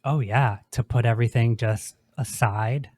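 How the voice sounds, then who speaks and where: A man's voice: medium pitch, a little slow, a little mellow, dry recording. A man co-hosting a podcast, chatting casually and backing his co-host with short agreeing replies. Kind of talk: casual chat.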